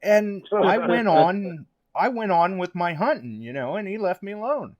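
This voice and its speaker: A man hosting a relaxed talk show with an animated, swinging delivery. His voice sits fairly high, and he spins anecdotes in an easy, chatty way. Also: normal speed, few pauses. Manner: chatty storyteller, lively. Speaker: podcast host. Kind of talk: casual chat.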